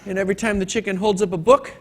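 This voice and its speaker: Chatty high-voiced male instructor. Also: little pitch movement, racing. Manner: casual, chatty teaching with corny jokes. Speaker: training instructor. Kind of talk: classroom lecture. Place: conference training room.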